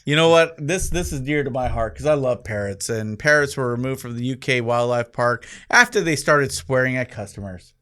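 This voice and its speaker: A man co-hosting a comedy podcast, reading out odd news items and answering with crude deadpan puns. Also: medium pitch, normal speed. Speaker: podcast co-host.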